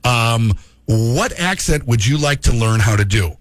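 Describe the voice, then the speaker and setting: A man hosting a casual morning radio show, jokey and quick to laugh. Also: medium pitch, lively intonation, no echo. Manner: jokey, laughs often, playful. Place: radio studio.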